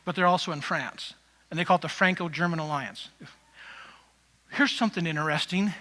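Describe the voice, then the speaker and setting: A man's voice: on the high side, a little fast, pushed and bright. A male pastor giving a conversational sermon in a church, rambling with asides to the congregation. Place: church sanctuary. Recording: long reverb of a church hall.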